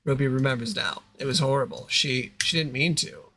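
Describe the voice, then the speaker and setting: A man's voice: medium pitch, fairly quick, sharp tone, faint music behind. A man hosting a livestream, reading a story game aloud in a plain voice and breaking off into casual asides to his chat. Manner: reads narration plainly, breaking into asides and laughter.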